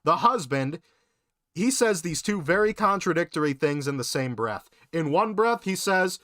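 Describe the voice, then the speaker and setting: A young man casually telling work stories in a podcast chat, animated and full of profanity. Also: fairly high pitch, moderate pace, no room sound, clean studio sound. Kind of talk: casual storytelling.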